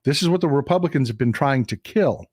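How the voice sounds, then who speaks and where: A man's voice: medium pitch, animated, quick pace, darkish tone, husky, no echo, studio quality. A man hosting a live-streamed political commentary show, talking through a map and repeating lines for emphasis. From Texas. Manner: emphatic, repeats phrases for stress.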